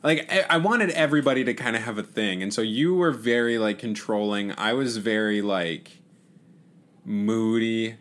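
A man's voice: lowish voice, normal speed, fairly bright tone. A young man co-hosting a podcast in casual chat, chuckling, swearing and making fun of himself. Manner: chuckling, swearing, self-deprecating. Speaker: podcast co-host.

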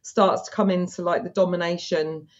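A woman's voice: fairly low pitch, steady tone, moderate pace, highs cut off. A woman chatting frankly as a podcast guest, laughing easily as she talks. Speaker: guest, dominatrix. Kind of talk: casual chat.

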